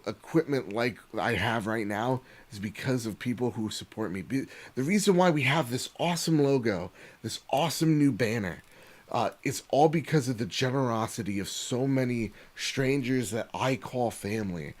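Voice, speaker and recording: A man hosting a casual podcast over a video call, excitable and swearing as he rattles off thank-yous. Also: mid-range voice, normal speed. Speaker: podcast host.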